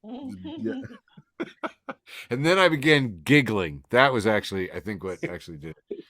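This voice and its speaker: A man's voice: medium pitch, big pitch swings, measured pace, bright, forceful tone, dry recording, studio quality. A man co-hosting a podcast in casual chat, describing memes and laughing often as he reads captions aloud. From Illinois. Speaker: podcast co-host.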